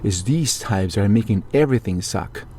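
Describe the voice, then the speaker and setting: A man's voice: lowish voice, expressive, normal speed, mellow, husky. A man from Mexico delivering a heated, profane political rant, indignant and sarcastic as he talks straight to his viewers. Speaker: political commentator.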